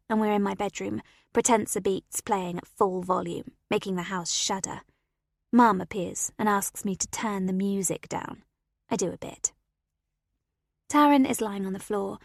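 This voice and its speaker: A woman narrating a first-person story as an audiobook reader, expressive and animated, on a close studio mic. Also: medium pitch, normal speed, gravelly, no room sound.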